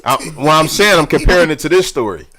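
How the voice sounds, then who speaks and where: A man's voice: fairly high pitch, fast. A man talking in loose podcast banter, his voice swinging widely up and down as he gets worked up. He curses freely and laughs often at his own lines. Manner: animated, profane, laughs often. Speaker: podcast co-host.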